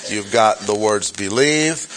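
A man's voice: lowish voice, slow pace, a bit bright, a little hiss or hum, rough recording. A man teaching through a Bible chapter in a sermon, reading verses aloud and stressing key words. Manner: reads scripture aloud, self-correcting asides. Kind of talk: expository sermon.

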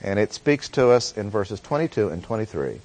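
A man teaching a Bible study lecture in an earnest tone, often pausing with "uh" as he explains words and verses. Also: fairly low pitch, very animated, darkish tone. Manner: earnest teaching tone with frequent "uh" pauses.

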